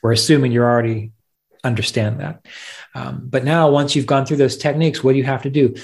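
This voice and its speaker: A man's voice: mid-range voice, fairly even intonation, a little fast, creaky, darkish tone. A man hosting a podcast, teaching meditation in a reflective, conversational way and telling stories with plain fillers. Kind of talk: spoken teaching talk.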